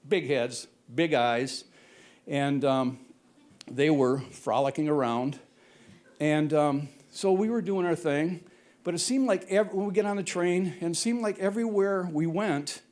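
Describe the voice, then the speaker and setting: A man's voice: a little high, darkish tone. An older man telling a true story on stage in a rambling, self-correcting way, often chuckling as he goes. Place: stage at a brewery before an audience.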